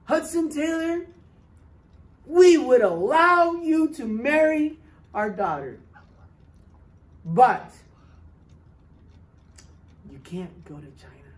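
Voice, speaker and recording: A woman's voice: high-pitched, very animated, slow pace, long pauses, distant mic, voice pushed up, heavily acted. A woman voicing firm, protective parents. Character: stern parents of a young woman.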